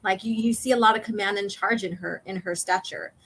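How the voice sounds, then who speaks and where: A woman hosting a casual chat, walking through comic pages and reading lines aloud with many pauses. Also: mid-range voice, steady tone, gravelly, a bit bright. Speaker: host.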